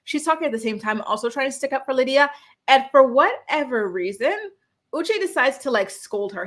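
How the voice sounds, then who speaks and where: Indignant young woman recapping TV. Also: brisk. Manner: animated, indignant, acts out quotes with pitch jumps. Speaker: reality TV recap vlogger. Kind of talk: casual opinionated recap.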